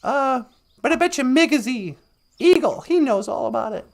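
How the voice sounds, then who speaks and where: A woman's voice: high-pitched, expressive, creaky. A woman voicing a cocky, talkative male fox with a brash, teasing way of speaking. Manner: brash, teasing, fast-talking.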